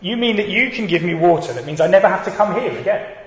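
A man's voice: a little high, expressive, brisk, a little mellow, natural voice. A man voicing a wary, defensive woman at a well. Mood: wistful. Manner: retelling a scripture dialogue in plain voice. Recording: dull echoey hall with faint noise.

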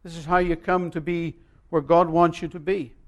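This male pastor delivers an emphatic sermon, his volume rising and falling as he tells stories broken by long pauses. His voice is a little high and steady in tone.

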